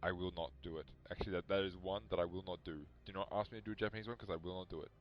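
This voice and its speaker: A man's voice: low-pitched, steady tone, rapid-fire, highs cut off. A man chatting casually while streaming a video game, rambling and poking fun at himself. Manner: rambling, self-mocking, chatty. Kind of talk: casual live-stream chat.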